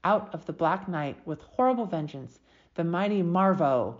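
Lady doing a wild little girl, loud and excited, swoopy. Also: fairly low pitch, normal speed, muffled recording, lightly acted. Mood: dramatic. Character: wild little girl shouting comic lines.

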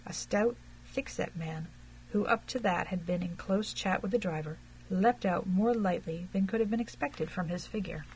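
A woman narrating an audiobook in a measured, even reading. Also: medium pitch, a little hiss or hum, poor audio.

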